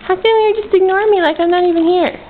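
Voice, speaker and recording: A woman's voice: extremely high pitch, fairly even intonation, fast talker. A mother filming her toddler at home, coaxing her in sing-song baby talk. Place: home, indoors. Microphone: built-in camera mic. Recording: tinny lo-fi home camcorder audio with faint hiss.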